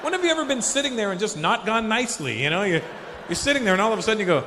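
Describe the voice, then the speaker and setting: A man in his forties doing stand-up, voice a touch high and lively. The hall carries a long reverb with faint noise behind. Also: rapid-fire. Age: 40s. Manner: animated, profane, acts out quotes. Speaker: stand-up comedian. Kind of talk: stand-up comedy.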